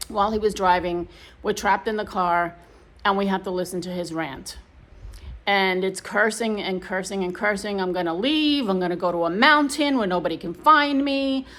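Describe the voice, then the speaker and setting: Woman, middle-aged, vlogger, personal story, emotional, rambling, casual. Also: lowish voice. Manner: emotional, rambling, restarts often. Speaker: vlogger sharing her story.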